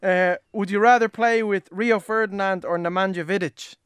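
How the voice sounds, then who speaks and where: Young irish guy hosting a podcast, kinda high voice, dry close sound, laughs a lot. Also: steady tone, normal speed, a bit bright, clear, resonant tone, no echo. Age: young adult. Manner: chatty, laughs easily. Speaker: podcast host. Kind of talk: casual chat.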